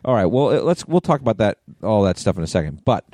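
Man, low voice, playful jokey podcast chat, dry close sound. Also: big pitch swings, fast, dark tone, no echo. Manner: playful, joking banter. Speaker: podcast co-host. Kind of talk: casual chat.

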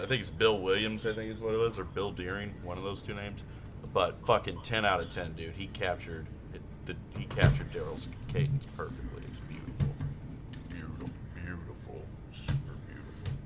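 A man's voice: low voice, noisy background. A man co-hosting a podcast, telling profane, rambling stories in casual chat. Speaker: podcast co-host.

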